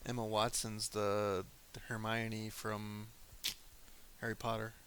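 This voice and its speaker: Man, crude joking streamer, bright forceful voice, faint hiss in the background. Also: lowish voice, completely flat delivery, slow pace. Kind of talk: casual chat with live chat.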